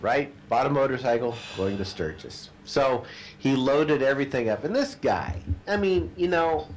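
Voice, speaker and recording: Male storyteller, mid pitch, animated and chatty, acts out the quotes, faint background noise. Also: moderate pace. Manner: animated storyteller, shouts quoted lines, laughs at own stories. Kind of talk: casual anecdote telling.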